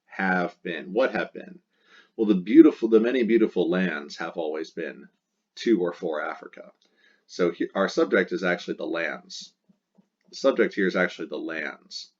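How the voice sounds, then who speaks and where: A man with a very low voice explains a language exercise in a patient, step-by-step way, going back over the key words again and again. The sound is dull and lo-fi, like a simple home recording. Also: normal speed. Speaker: Latin teacher.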